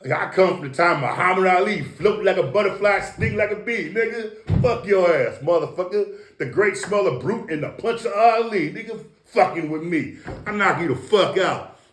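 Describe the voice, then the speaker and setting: A man's voice: sits high, expressive, normal speed, a bit bright, slight background noise. A middle-aged man from East Los Angeles telling stories as an interview guest in a boastful, profane way, with his own sound effects. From East Los Angeles, USA. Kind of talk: casual storytelling. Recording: roomy echo.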